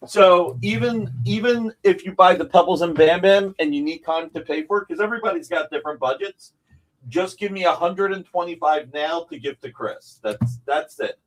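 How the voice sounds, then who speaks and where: A man's voice: on the high side, moderate pace, low-quality recording. A man on a casual live stream, laying out prices and payment terms for original comic art in long, rambling explanations.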